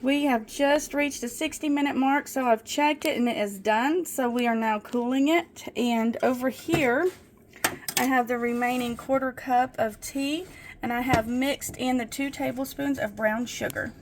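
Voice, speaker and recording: This home cooking vlogger speaks in a high, unhurried voice over a faint hiss or hum. She bakes in her small kitchen while chatting to viewers as "guys," easily excited throughout a relaxed cooking demo.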